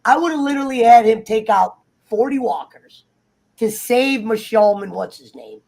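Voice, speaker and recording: A man in casual, heated chat, swearing freely and acting out characters in quick asides. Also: high-pitched, creaky. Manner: profane, animated, acts out characters in quick asides. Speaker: guest on a TV review talk show.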